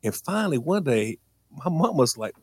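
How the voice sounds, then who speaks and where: A man co-hosting a morning radio show, telling rambling stories in a casual, animated way and often restarting his sentences. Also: fairly high pitch, normal speed, slightly rough, no room sound. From rural countryside.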